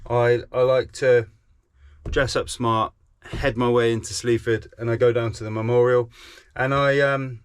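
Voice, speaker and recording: A man's voice: medium pitch, fairly bright tone, dry recording. A man talking casually and earnestly to camera as a vlogger, often repeating himself for emphasis. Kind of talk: casual vlog chat.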